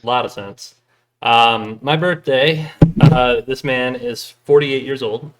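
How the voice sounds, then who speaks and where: A man's voice: medium pitch, takes it slowly, background noise. A young man co-hosting a podcast, joking in casual chat and slipping into quoted voices. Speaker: podcast co-host.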